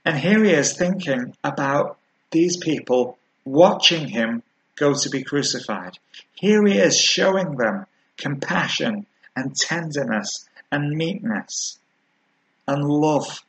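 A man preaching a sermon, earnest and measured, slowing down to stress key words. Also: a little high, lively intonation, a bit bright, poor audio.

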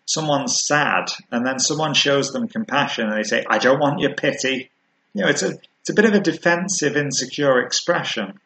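A man preaching a sermon, earnest and measured, slowing down to stress key words. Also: medium pitch, lively intonation, pushed and bright, low-quality recording.

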